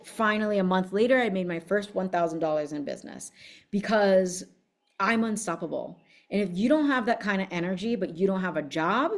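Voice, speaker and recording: Woman business coach, casual motivational talk, mid-pitched, brash, profane, fired up. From United States. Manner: blunt, profane, fiery storytelling.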